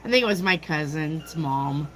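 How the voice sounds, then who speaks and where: A woman's voice: sits low, animated, moderate pace, a bit bright, poor audio. A woman hosting a tarot livestream, chatting casually, telling a personal story and answering viewer comments. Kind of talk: casual chat with live chat.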